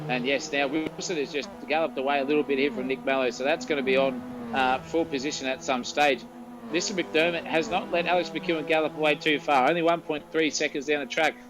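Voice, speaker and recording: On a low-quality recording, a fairly high-pitched Australian man delivers excitable sim racing commentary. He's colloquial and out of breath, yelling over the action as the race battle grows heated.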